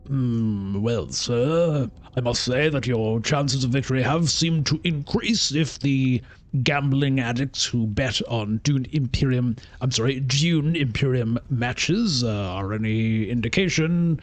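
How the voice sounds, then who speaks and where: A man's voice: medium pitch, slow, pitched below the performer's own voice, natural voice. A man voicing a prim, formal butler-like adviser who speaks stiffly and calls the player sir. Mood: dry.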